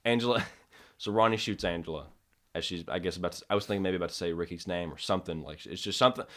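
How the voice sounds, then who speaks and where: Deep-voiced man talking casually. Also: quick pace. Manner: rambling, acts out scenes in hushed tones. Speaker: podcast co-host. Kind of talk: casual chat about horror films.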